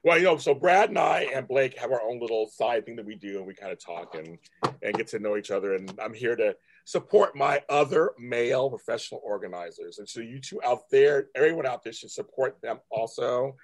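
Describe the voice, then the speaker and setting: A man in his fifties from California hosts a casual chat, his voice a little husky and breathy. He rambles, stops and restarts his sentences often, and fills the gaps with ums. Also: mid-range voice, expressive, brisk. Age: 50s. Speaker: host.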